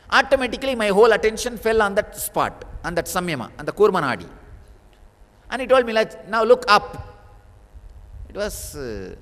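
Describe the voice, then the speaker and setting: A man's voice: high voice, a bit bright. Man preaching in a reverberant hall. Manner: storytelling, with sudden bursts of emphasis. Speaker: spiritual teacher. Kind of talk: spiritual discourse. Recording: long reverb of a large hall.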